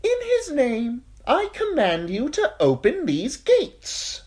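A man voicing a cold, bored knight commander with a high, thin voice and languid, haughty manner. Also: wildly swooping pitch, takes it slowly, darkish tone, full character voice. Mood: commanding.

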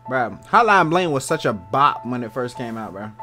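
A man's voice: medium pitch, very animated, moderate pace, music in the background. A man hosting a reaction video, talking casually and slangily to his viewers. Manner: laid-back slangy asides, calls viewers bro.

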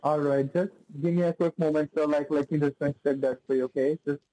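A man's voice: a little high, steady tone, brisk, dark tone, no room sound. A man on a phone call, posing as a support agent, who talks in a repetitive way, full of "like" and "sir". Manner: repetitive, fills speech with "like" and "sir".

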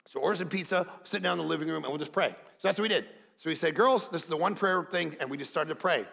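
Gravelly animated male pastor. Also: fairly high pitch, a little fast. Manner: animated, acts out quotes, builds to emphatic peaks. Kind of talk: sermon with storytelling. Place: church stage.

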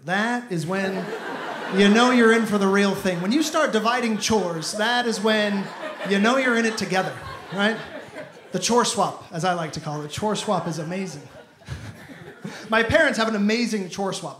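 At a moderate pace, a high-voiced comedian runs through his stand-up set, dramatizing dialogue inside lively stories. He's performing live on a comedy club stage, and the echoey room carries plenty of background noise.

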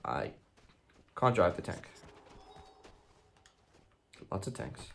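A man's voice: sits low, big pitch swings, takes it slowly, creaky, fairly bright tone, faint music behind. A young man hosting a gaming channel, chatting casually through his gameplay with lots of ums and frequent swearing.

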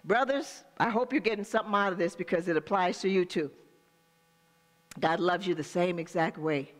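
A woman's voice: lowish voice, moderate pace, long reverb tail. An older woman pastor preaching a sermon, speaking straight to the congregation with call-and-response asides.

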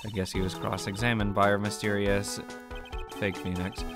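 A man's voice: fairly low pitch, flat delivery, normal speed. A man giving casual, irreverent let's play commentary and reading game dialogue, swearing and laughing at himself. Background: game music.

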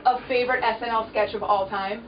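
Fast-talking bubbly young woman host. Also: on the high side, fairly even intonation, echoey room. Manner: bubbly, quick, laughs often. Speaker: radio host. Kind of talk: casual interview chat. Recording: distant lo-fi mic with faint background noise.

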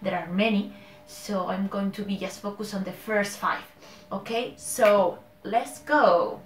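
Spanish-accented woman hosting a casual learning vlog; slow, self-correcting, laughs at herself; echoey room with faint music. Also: mid-range voice. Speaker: language learner and host. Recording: roomy echo with faint music.

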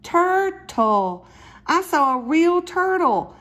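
An excitable little boy bursts with questions in a high, bouncy voice, as a woman reads him aloud from a picture book. He sounds eager and curious. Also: slow pace, heavily acted.

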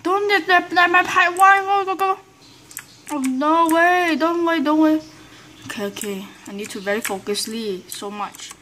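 High excitable woman gamer. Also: normal speed, a little hiss or hum. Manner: excitable, frequent exclamations and groans, broken English. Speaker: gameplay commentator. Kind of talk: live gameplay commentary.

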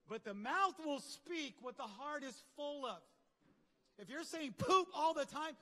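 A man preaching a lively, conversational sermon with slang and asides to his congregation. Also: very high voice, unhurried, pauses often, long reverb tail. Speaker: pastor. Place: large church hall.

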